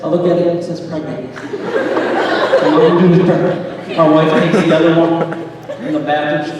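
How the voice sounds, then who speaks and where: A man in his thirties doing a stand-up comedy set, telling stories in an animated way and acting out voices. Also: on the high side, background noise. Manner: animated storytelling, acts out voices of his wife and himself. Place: live comedy venue. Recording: echoey hall, distant mic, audience laughter.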